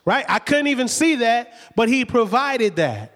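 Male preacher, high voice, lively storytelling sermon, long hall reverb. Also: normal speed, hardly any pauses. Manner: lively, conversational retelling with acted quotes and rhetorical questions.

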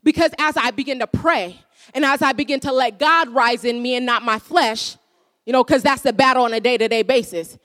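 A woman's voice: fairly high pitch, brisk, a bit bright. A woman preaching a sermon, earnest and repeating phrases for emphasis. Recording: long hall reverb.

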